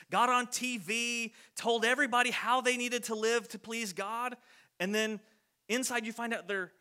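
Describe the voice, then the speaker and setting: A man with a high, bright voice preaching a laid-back sermon. He talks animatedly, drops in plenty of "like", and slips into voices to act out what people said. The tone is forceful and bright. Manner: animated, acts out quotes in voices, many "like" fillers. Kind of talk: casual conversational sermon.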